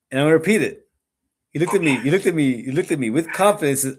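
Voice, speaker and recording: A man's voice: on the high side, animated, fairly quick. A man co-hosting a podcast in casual chat, a rambling storyteller who repeats words and laughs often. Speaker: podcast co-host.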